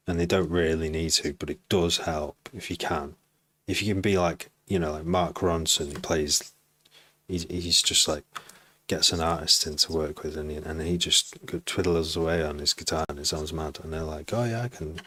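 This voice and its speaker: A very low-pitched man from Cheshire with a bright, forceful edge to his voice. He chats casually and rambles through asides as a music producer streaming his session. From Cheshire, England. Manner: rambling, chatty, full of asides. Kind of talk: casual livestream chat.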